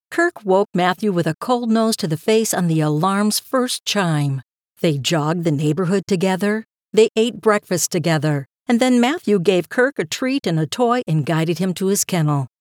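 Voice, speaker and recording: A woman reading a story aloud in a calm, even storytelling manner with a gentle lilt. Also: on the low side, unhurried, dry recording, clean studio sound. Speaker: narrator. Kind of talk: scripted story narration.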